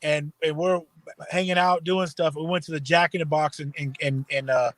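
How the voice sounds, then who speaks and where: A man from Texas chats as a podcast guest in a high voice. The sound is close and dry. He tells his stories in an animated way, full of "uh" and restarts. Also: normal speed, dry recording. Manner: animated storyteller, full of fillers. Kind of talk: casual storytelling chat.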